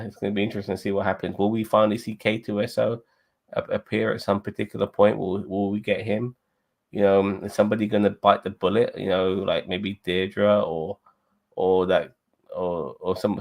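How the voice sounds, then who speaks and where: A man with a somewhat low voice, talking loosely in a casual review chat. He rambles, swears freely and leans on "you know what I mean" between thoughts. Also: vocal fry, darkish tone. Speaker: podcast co-host.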